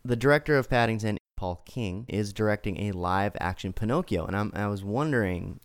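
Excitable male podcast host. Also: a little fast. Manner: excitable, jumps to high exclaims. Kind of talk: casual chat.

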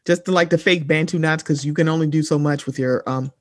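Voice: medium pitch, steady tone, fast, dry recording. Blunt, sarcastic podcast host, dry close mic. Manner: blunt, profane, sarcastic, addresses listeners as y'all. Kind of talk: casual pop-culture chat.

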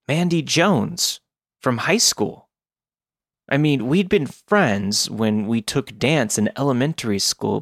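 A man narrating a scripted first-person horror story in a measured, deliberate way. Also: mid-range voice, creaky, a bit bright, no room sound, clean studio sound.

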